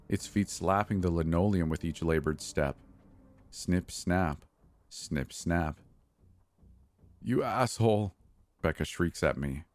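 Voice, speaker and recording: A man reading a first-person horror story in a grim, measured way. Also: low-pitched. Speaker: narrator. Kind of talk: scripted horror narration.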